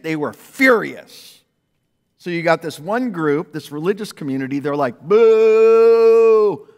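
A man preaching a sermon as pastor, animated, jumping between loud exclamations and hushed asides. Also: fairly high pitch. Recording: long hall reverb.

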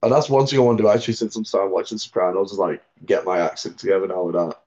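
English guy rambling on a podcast, lowish voice, kinda muffled remote audio. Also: steady tone, very fast, a little mellow. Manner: rambling, loose and jokey, lots of fillers. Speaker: podcast co-host. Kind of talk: casual chat. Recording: dull lo-fi remote call audio.

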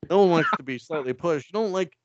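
A man's voice: fairly high pitch, quick pace, no echo. A man casually retelling a story for laughs, rambling, swearing and laughing often. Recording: dull lo-fi dry sound.

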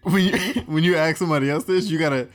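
A man's voice: on the high side, quick pace. A man hosting a podcast, chatting casually, laughing often and swearing freely. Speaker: podcast host. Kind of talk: casual chat.

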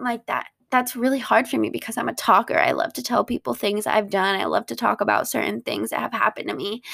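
A woman's voice: a little high, creaky, a bit bright, no echo, clean studio sound. A young woman talking to camera about her own grief, choked up and chatty, with many fillers. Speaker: vlogger. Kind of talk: personal talk to camera.

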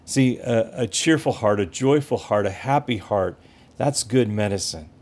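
A man's voice: on the low side, a little slow, a little mellow. Earnest man preaching a podcast sermon. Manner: earnest, encouraging, repeats phrases for emphasis. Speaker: pastor and podcast host.

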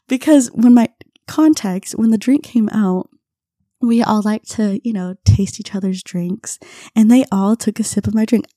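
A young woman hosting a podcast, telling a casual story with frequent laughs and quick impressions of her friends. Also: mid-range voice, warm tone, no echo, clean studio sound. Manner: chatty, laughs often, mimics friends in quotes. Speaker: podcast host.

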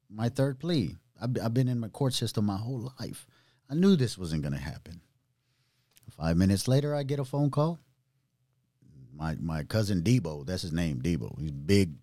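A man sharing his own testimony in casual chat, animated, using street slang and acting out other people's voices. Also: on the low side, no echo, studio quality.

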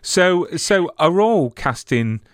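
An interviewer who asks slow, probing follow-up questions. The pitch swings in a lively way. The sound is dry and close. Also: no echo.

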